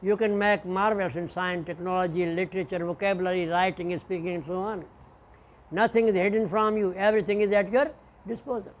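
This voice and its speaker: A male professor with a notably high-pitched voice gives a classroom lecture. He speaks deliberately, pausing to spell out example words letter by letter. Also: steady tone, slight background noise.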